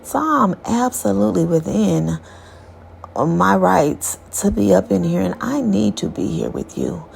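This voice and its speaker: A woman's voice: mid-range voice, big pitch swings, a little slow, vocal fry, a little mellow, slight background noise, voice pushed down, full character voice. A woman voicing a protective, crude-talking male spirit suitor, blunt, profane and sure of himself. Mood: assured. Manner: blunt, profane, self-assured.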